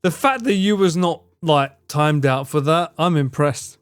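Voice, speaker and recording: A man's voice: a little high, measured pace, clean tone, dry recording, clean studio sound. A young man streaming live, chatting with his viewers in a teasing, mock-outraged way and swearing freely. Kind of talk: casual live-stream chat.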